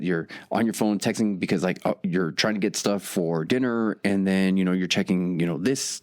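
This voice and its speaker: A man co-hosting a faith-based podcast, telling stories in quick, animated casual chat, often asking "you know what I mean". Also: low voice. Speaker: podcast co-host.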